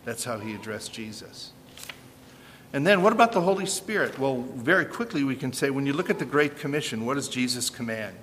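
A man preaching a sermon, animated and emphatic, asking rhetorical questions as he reads and explains scripture. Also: medium pitch, fairly quick, in a large hall, slight background noise.

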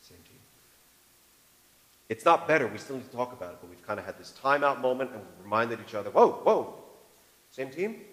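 A man preaching a sermon on marriage, animated, moving between loud emphasis and hushed tones. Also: fairly low pitch, fast, pauses often. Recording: long reverb of a large hall.

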